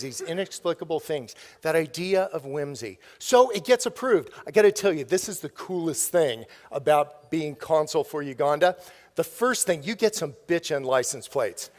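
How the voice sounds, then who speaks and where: A middle-aged man giving a playful, jokey storytelling keynote speech to an audience, laughing often. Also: on the high side. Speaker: keynote speaker. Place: large hall with audience. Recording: live stage recording in a reverberant hall.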